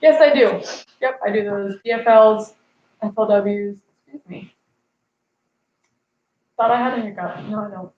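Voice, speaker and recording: A woman's voice: mid-range voice, measured pace, long pauses. A woman in her twenties hosting a fishing live stream, chatting casually, reading viewer comments aloud and laughing at her own jokes. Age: 20s. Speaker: fishing channel host. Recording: echoey, slightly dull live-stream audio.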